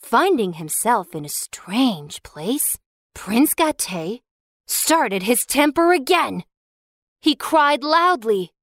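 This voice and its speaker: Slow, sing-song woman storyteller. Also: fairly high pitch, sing-song, dry recording, clean studio sound. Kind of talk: children's storybook narration.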